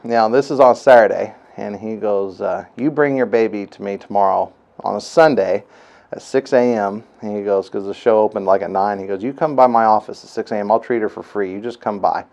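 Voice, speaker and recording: A man's voice: lowish voice, brisk, vocal fry, a little mellow. A man casually telling the story of his colicky baby as a father's testimonial, rambling with many fillers and retelling what others said.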